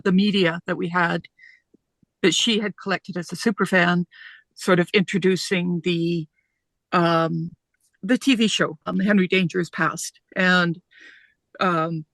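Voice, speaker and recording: A woman's voice: fairly low pitch, steady tone, no echo. Woman set designer talking it through, lots of "um"s, dry close sound. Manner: thoughtful, pauses with "um"s. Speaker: production designer. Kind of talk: casual interview chat.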